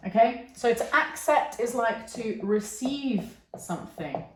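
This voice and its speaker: A woman's voice: on the high side, animated, takes it slowly, slight background noise. A woman teaching a lesson, patiently checking in with her learners as she explains. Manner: patient, checks in with okay and yeah. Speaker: English teacher. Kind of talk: online English lesson. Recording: echoey room.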